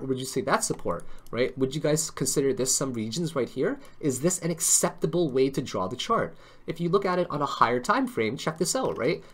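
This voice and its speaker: Man, bright tone, joking, chatty, live-stream chart analysis, tag questions. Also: medium pitch. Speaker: crypto trading streamer.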